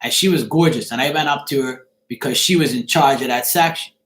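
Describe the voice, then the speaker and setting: A man's voice: mid-range voice, brisk, fairly bright tone, echoey room. A middle-aged man chatting casually to viewers on a live stream, rambling and checking if they follow him. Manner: rambling, repeats "you see what I'm saying".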